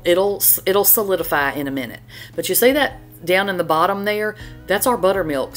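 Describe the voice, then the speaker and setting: Folksy woman, chatty voiceover. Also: on the low side. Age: middle-aged. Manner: chatty, folksy, says y'all a lot. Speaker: cooking channel host. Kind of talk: homey cooking voiceover. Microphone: voiceover mic.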